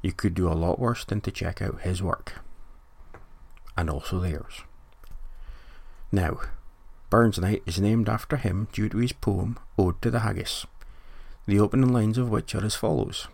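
Scottish male comic host, rough-edged low voice, wry deadpan storyteller. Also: normal speed, dry recording. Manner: dry, wry joking delivery. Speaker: podcast host.

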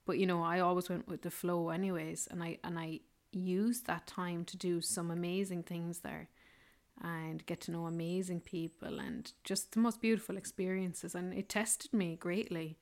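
A woman's voice: fairly low pitch, normal speed. Chatty Irish woman telling a travel story. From Ireland. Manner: chatty, animated, laughs while telling. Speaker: podcast host.

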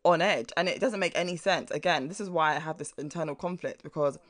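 A young man talks fast in a casual podcast chat, his voice sitting a little high. He is animated and laughs easily, with the odd casual swear. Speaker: podcast co-host.

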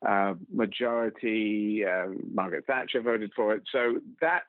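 A man's voice: fairly low pitch, a little slow, dry recording. A man campaigner and comedian giving an emphatic, rambling interview answer. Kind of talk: interview clip. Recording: dry, phone-like narrow sound.

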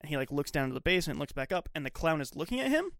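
Animated young man, smooth voice. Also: on the high side, racing, no echo, clean studio sound. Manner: animated, acts out quotes, swears. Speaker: podcast co-host. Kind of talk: casual chat, retelling scenes.

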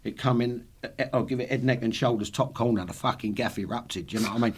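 A man's voice: mid-range voice, quick pace, a little hiss or hum. A man in his sixties, a podcast guest, telling swearing football anecdotes with laughs. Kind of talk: casual storytelling.

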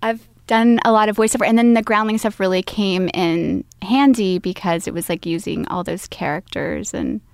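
Female guest, comic and voice actor, relaxed and chatty, dry mic. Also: medium pitch, moderate pace, few pauses, smooth, no room sound. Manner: easygoing, laughs often, trailing off with ums. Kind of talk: casual chat.

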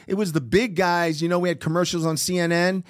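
A middle-aged man tells stories in a relaxed interview, bringing the people in them to life with their own lines. His voice sits a little high for a man, and the recording is dry and close. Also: brisk, no echo. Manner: animated storyteller acting out quoted dialogue. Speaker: interview guest. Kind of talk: storytelling in a casual interview.

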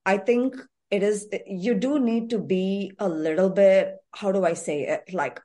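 A woman's voice: mid-range voice, measured pace, dark tone. A woman life coach hosting a podcast, explaining with emphatic conviction and affirming her guest. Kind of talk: conversational interview.

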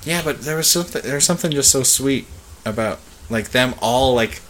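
A young man co-hosting a podcast in casual chat, rambling with fillers and swearing, quick to laugh. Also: mid-range voice, fairly bright tone, slight background noise. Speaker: podcast co-host.

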